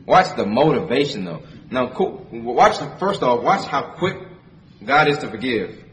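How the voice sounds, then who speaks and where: A man's voice: medium pitch, sing-song, measured pace. A man delivers a sermon, reading scripture and explaining it in a plain, conversational way. He leans on repeated phrases for emphasis. The mic sits far from him, and a faint background hiss runs underneath. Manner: reads scripture in King James wording, then explains it conversationally. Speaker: preacher.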